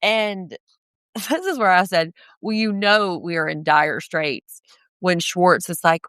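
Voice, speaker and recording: A woman's voice: fairly low pitch, takes it slowly, a bit bright, clean tone, no room sound, studio quality. Profane, ranting woman podcast host. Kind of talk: casual recap chat.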